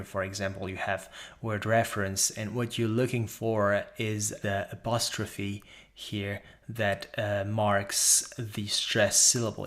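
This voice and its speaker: A man working as an accent coach, explaining pronunciation points in a measured, methodical way with frequent short pauses. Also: on the low side, a bit bright.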